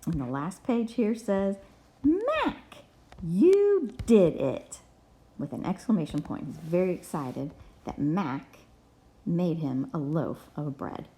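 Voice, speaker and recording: Brief: woman teacher for a kids' reading lesson, mellow tone, spells words out letter by letter. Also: sits low, a little slow. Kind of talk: reading lesson for young children.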